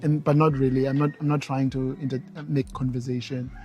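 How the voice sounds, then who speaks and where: A young South African man chatting with his wife on their channel, switching between English and Xhosa while retelling stories with animated quoted voices. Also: mid-range voice, a little fast, muffled recording. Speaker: co-host, husband. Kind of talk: casual chat.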